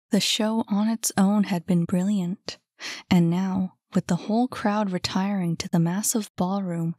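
A woman narrating a novel aloud in a soft, calm voice. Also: mid-range voice, no echo, studio quality. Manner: soft, calm, unhurried reading. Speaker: audiobook narrator. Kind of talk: scripted narration.

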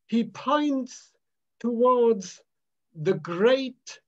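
Slow, emphatic male preacher. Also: extremely high pitch, expressive, dull audio. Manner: emphatic, measured preaching with repeated phrases. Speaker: minister. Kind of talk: sermon.

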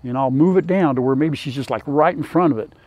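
A man's voice: mid-range voice, quick pace, darkish tone, no room sound. An older man chatting folksily in a farm vlog, talking to his chickens and viewers outdoors by a pen on a lapel mic. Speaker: farm vlogger. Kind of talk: casual farm vlog talk.

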